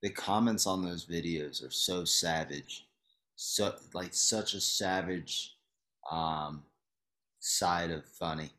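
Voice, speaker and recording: A young man with a lowish voice in a loose podcast conversation. He rambles, leans on fillers and keeps laughing through his own points. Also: slow, sharp tone. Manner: rambling, laughs while talking, frequent fillers. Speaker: podcast co-host. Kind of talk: casual chat.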